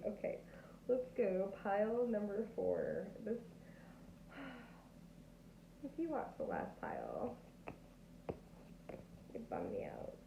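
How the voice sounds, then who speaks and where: Bubbly woman doing a tarot reading. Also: sits high. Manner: bubbly, laughs often, acts out quoted reactions. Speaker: tarot reader. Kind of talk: casual tarot reading to camera. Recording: echoey, tinny phone-like sound with faint noise.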